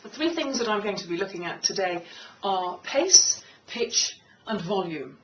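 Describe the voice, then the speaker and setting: A woman speaking coach giving a measured instructional talk, sometimes slowing down to show her points. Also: medium pitch, sing-song, highs cut off. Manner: measured, demonstrates slow and fast speech. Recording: slightly distant mic with faint room noise.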